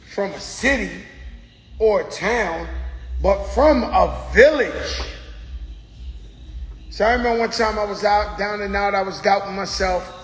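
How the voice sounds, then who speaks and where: A man hosts a casual monologue, stretching words out for hype. His voice sits high and his delivery is slow. The room around him is echoey, with a long reverb tail. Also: bright, forceful tone. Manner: drawn-out hype, storytelling with acted quotes. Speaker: show host.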